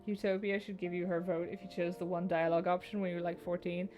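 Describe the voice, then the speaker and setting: A woman's voice: lowish voice, level tone, fast, a little mellow. A young woman streaming a story game, reading its text aloud and chatting casually, with playful swearing and frequent laughs. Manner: playful, profane, laughs often. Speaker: streamer playing a narrative game.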